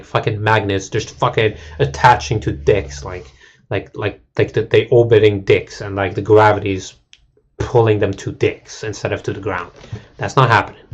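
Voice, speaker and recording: Husky-voiced man ranting to chat. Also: fairly low pitch, dull audio. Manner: crude, rambling, mocking. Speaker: game streamer. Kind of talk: casual rant to stream chat.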